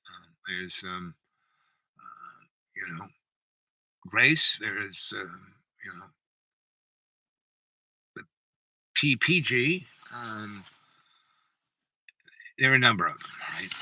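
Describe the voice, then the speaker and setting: Man in his seventies, meandering storyteller, constant fillers, bright sharp voice, dry close sound. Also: on the low side, expressive, slow pace, long pauses, no room sound, rough recording. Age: 70s. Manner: meandering, heavy on "you know" fillers. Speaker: channel host. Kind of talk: casual rambling storytelling.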